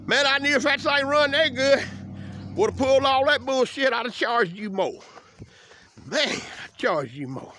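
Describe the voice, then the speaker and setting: A man showing off a truck he sold, talking in loud, profane, teasing sales patter into a handheld camera outdoors. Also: extremely high pitch, big pitch swings, a little slow. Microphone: handheld camera mic. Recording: noisy outdoor camera audio.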